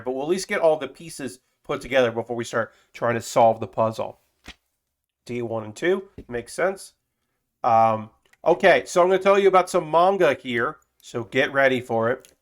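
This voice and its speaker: A man's voice: on the high side, fairly bright tone. Chatty man rambling on a live stream. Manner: rambling, loose and chatty, with frequent fillers and casual swearing. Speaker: streamer building a model kit. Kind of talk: casual live-stream chat.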